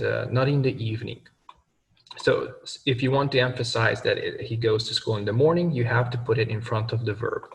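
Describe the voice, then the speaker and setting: A man's voice: medium pitch, gravelly, distant mic. Man teaching grammar in a reverberant room. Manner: many fillers and self-corrections, slows down for examples. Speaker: language teacher. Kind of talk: explaining grammar to learners.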